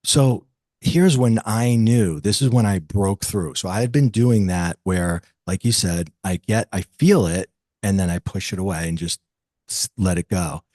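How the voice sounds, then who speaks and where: In a dry recording, a low-pitched man in his fifties talks at a measured pace. The metaphysical teacher reflects on a personal experience during an interview, brightening up when he repeats what others said.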